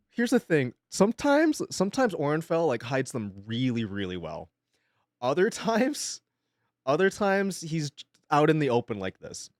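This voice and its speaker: A man's voice: a little high, wildly swooping pitch, a little slow, no room sound, studio quality. A young man chatting casually on a live stream from his home setup, rambling, swearing freely and laughing often.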